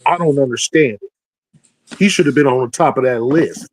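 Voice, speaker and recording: A man talking casually about football on a talk show, laid-back and soft-spoken, a little hurt. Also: mid-range voice, normal speed, rough recording. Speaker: show co-host.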